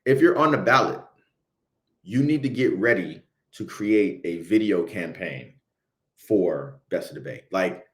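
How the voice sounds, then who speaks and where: This young videographer, Haitian-accented, narrates a story on a livestream with emphatic slang and regular "right?" check-ins. His voice sits low and sounds animated, though his pace is a little slow. Echo from the room is noticeable.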